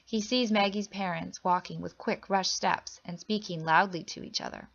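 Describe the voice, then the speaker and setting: A woman reading a children's picture book aloud, telling it gently and expressively. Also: moderate pace, creaky, dull audio. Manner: gentle, expressive storytelling that lifts pitch for characters' lines. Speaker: storybook reader.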